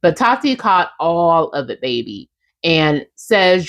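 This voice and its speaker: A woman's voice: on the low side, sing-song, slow pace, fairly bright tone. A young adult woman hosting a casual podcast, recapping a reality show in a chatty, sassy way and speaking straight to her listeners. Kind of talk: casual recap, acting out quotes.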